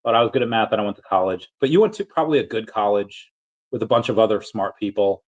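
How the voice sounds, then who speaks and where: A man's voice: lowish voice, quick pace, dull audio. A man in his thirties telling a rambling personal story on a casual livestream, full of fillers and acted-out quotes. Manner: rambling, animated anecdotes, acts out quotes, frequent fillers. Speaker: streamer.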